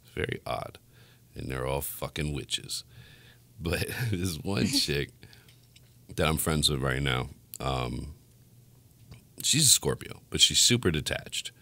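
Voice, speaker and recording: A man's voice: rumbling low, expressive, a little slow, pauses often, sharp tone. A man hosting a podcast in casual chat, telling stories bluntly with lots of swearing. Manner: profane, blunt storytelling with frequent laughs. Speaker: podcast host.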